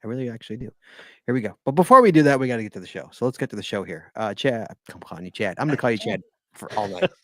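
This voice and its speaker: A man hosting a casual podcast, teasing his co-hosts in a playful, lively way. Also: mid-range voice, rapid-fire. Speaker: podcast host. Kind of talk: casual live podcast chat.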